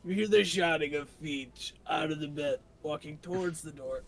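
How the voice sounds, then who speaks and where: A man in his thirties playing a tabletop game, drowsy and deadpan. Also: a little high, normal speed, slight background noise. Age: 30s. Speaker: player. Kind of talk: casual chat in a tabletop game.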